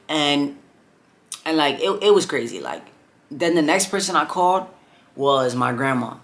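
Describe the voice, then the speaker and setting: A man's voice: fairly high pitch, big pitch swings, measured pace, a bit bright, a little hiss or hum. A young man telling a personal story in a casual vlog, rambling and leaning heavily on "like" and "bro". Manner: rambling, heavy on filler "like" and "bro". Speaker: vlogger.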